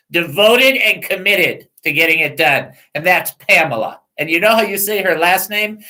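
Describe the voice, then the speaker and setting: A middle-aged man hosting a casual talk radio show, joking and rambling in a self-mocking way and reading out phone numbers slowly. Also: sits high, sharp tone, poor audio.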